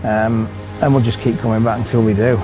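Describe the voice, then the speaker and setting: A man's voice: lowish voice, level tone, a little fast. A man, a race driver, speaking with determination and frustration in an interview. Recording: music underneath.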